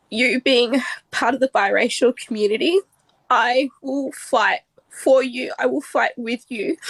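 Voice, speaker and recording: Earnest high-voiced woman. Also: a bit bright, no echo, low-quality recording. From Australia. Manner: earnest, heartfelt, halting. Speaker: livestream guest. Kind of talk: emotional livestream talk. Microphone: phone on a livestream.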